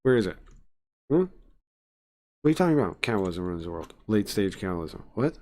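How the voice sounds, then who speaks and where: A man's voice: lowish voice, big pitch swings, fast, warm tone. A man streaming live, reacting to a video with sarcastic, mocking rants. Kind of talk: casual live-stream commentary.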